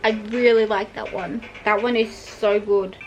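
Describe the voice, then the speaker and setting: A woman's voice: mid-range voice, steady tone, a little slow, noisy background. A young woman chatting casually and emotionally as she reacts to an album, gushing about the songs. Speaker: vlogger reacting to music. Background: pop music playing.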